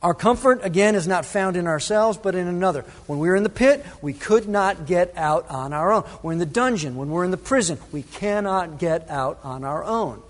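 High-voiced preaching man in reverberant hall. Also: lively intonation. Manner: earnest preaching with dramatic pauses and quoted prayers. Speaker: pastor. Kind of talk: sermon. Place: church sanctuary. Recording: long reverb of a church hall.

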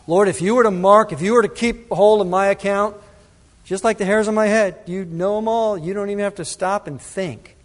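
Guy preaching a sermon in church, goes loud then quiet for effect, big echoey sanctuary. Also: high-pitched, normal speed. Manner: dramatic, shifting between loud emphasis and hushed asides. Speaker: pastor. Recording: reverberant church hall.

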